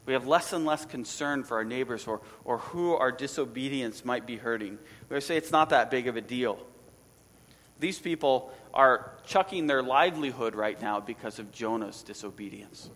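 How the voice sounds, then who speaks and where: A man preaching a sermon as pastor, animated and conversational, with asides to his listeners. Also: mid-range voice, moderate pace, big-room sound.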